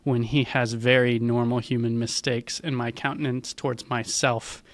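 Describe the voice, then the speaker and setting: A man's voice: mid-range voice, little pitch movement, normal speed. A young man hosting a podcast, talking in thoughtful, earnest reflections as a father of young kids. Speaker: podcast host. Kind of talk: reflective conversational interview.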